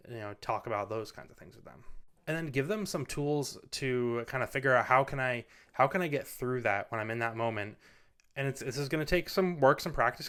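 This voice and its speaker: A man with a mid-range voice, fairly bright and clean in tone, hosts a parenting talk from a studio mic. His casual advice comes out earnest and meandering, sprinkled with "you know"s.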